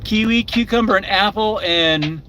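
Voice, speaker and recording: A man's voice: sits high, measured pace, sharp tone, slight background noise, poor audio. An older man rambling in a casual live-stream chat while driving, swearing freely and talking to his viewers by name.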